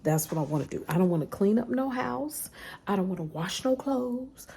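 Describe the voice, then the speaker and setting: A woman's voice: medium pitch, big pitch swings, a little fast, creaky, warm tone. A woman vlogging casually about her day, chatty and folksy, calling her viewers honey and child. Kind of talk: casual day-in-the-life vlog.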